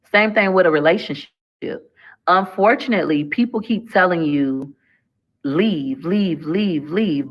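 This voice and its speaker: A woman's voice: low-pitched, fairly bright tone. A middle-aged woman, talking through a casual live-stream monologue in a preachy, emphatic way that repeats phrases. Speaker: livestreamer.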